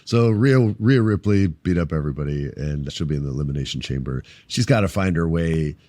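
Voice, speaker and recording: A middle-aged man hosting a casual wrestling podcast, telling stories with lively acted-out voices. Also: very deep voice, brisk, dry recording. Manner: animated storyteller, acts out quoted voices. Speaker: podcast host.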